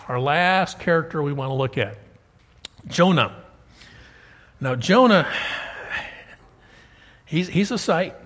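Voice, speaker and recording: A man preaching a sermon as pastor, animated and conversational, full of rhetorical questions. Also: fairly high pitch, long reverb tail.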